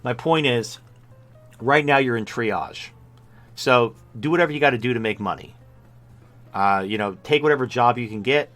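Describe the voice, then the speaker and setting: A man hosting a casual live-stream talk show, speaking at a medium pitch. He talks bluntly and rambles, often breaking off and starting his sentences over. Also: normal speed, pauses often, a bit bright, faint music behind. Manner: rambling, blunt, with frequent restarts. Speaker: show host.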